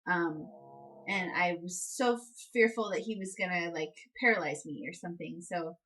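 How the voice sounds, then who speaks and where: A woman's voice: moderate pace, a bit bright, low-quality recording. A young woman vlogger casually telling a personal story, full of "like" and "um" fillers. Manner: chatty, many "like" and "um" fillers, reenacts quotes with high outbursts. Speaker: vlogger, new mother.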